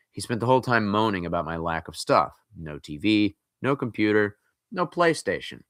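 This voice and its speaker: A man's voice: lowish voice, very animated, normal speed, fairly bright tone, no room sound, clean studio sound. A man reading a scary story aloud, breaking in with casual, joking asides.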